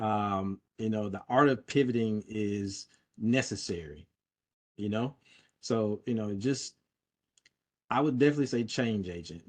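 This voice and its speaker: A man speaking as an interview guest, casual and hesitant, with many fillers and restarts. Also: lowish voice.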